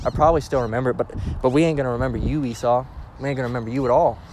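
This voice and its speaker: Male preacher-teacher, mid-pitched, punchy and profane, keeps asking "all right?", over clear street and traffic noise. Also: fairly even intonation, racing. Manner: emphatic, repeats "all right?", blunt and profane. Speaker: religious teacher. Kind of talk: informal scripture lesson.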